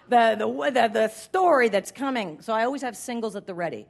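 A woman's voice: medium pitch, a little fast, few pauses. A woman doing a stand-up set on a stage, rambling through self-deprecating asides with mock-formal phrasing. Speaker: stand-up comedian. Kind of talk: stand-up set before a live audience. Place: live music venue stage.

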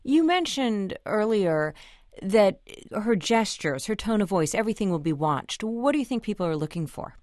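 A woman hosting a news radio interview, crisp and formal, reading scripted introductions and asking questions. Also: medium pitch, big pitch swings, moderate pace, darkish tone, no room sound.

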